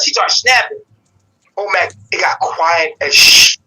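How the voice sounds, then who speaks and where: A man hosts a live call-in stream and tells a personal story at length. His voice sits high and cuts through, bright and edgy. He swears freely and slips into each person's voice as he quotes them. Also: normal speed, rough recording. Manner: animated storytelling, acting out quoted people, swearing, slang. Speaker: show host.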